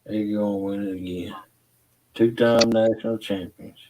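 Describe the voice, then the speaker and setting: A man talking as a guest in a casual chat, slow and halting with many fillers. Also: on the low side, fairly even intonation, a little mellow, poor audio.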